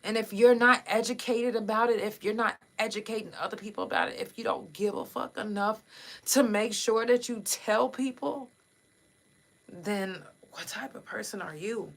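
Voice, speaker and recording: A woman's voice: medium pitch, normal speed, a bit bright. A woman hosting a casual livestream podcast who speaks straight to her listeners in an impassioned, blunt and profane way. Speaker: podcast host.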